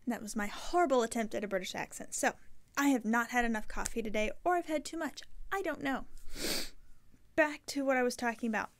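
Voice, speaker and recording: A woman's voice: fairly high pitch, brisk. A woman hosting a knitting podcast, talking casually and rambling, often correcting herself mid-sentence. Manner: rambling, self-correcting, chatty. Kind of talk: casual chat to camera.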